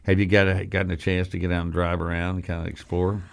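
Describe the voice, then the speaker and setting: A man's voice: low voice, flat delivery, fast talker, creaky, clear, resonant tone. An older man hosting a radio talk show in the studio, chatting casually and telling folksy stories with jokey asides.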